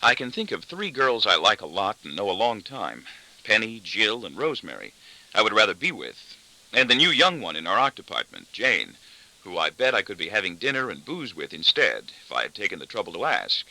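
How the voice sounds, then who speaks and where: Sharp-toned male audiobook narrator. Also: on the low side, very animated, fairly quick, rough recording. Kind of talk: scripted narration.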